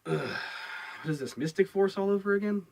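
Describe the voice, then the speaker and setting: A man's voice: high voice, brisk, gravelly, darkish tone, rough recording. A man giving a casual review of a TV episode, rambling and repeating his words with many fillers. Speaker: show reviewer.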